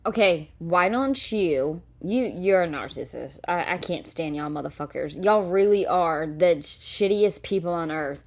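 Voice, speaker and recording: A woman's voice: lowish voice, expressive, unhurried, hardly any pauses. Profane, blunt woman ranting. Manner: swearing, blunt, sarcastic. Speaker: reaction commentator. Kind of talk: profane reaction rant.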